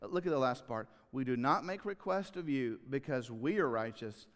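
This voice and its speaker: Pastor preaching in a reverberant hall. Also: male voice, lively intonation, normal speed. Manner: earnest, swells loud on key phrases and drops low. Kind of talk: sermon.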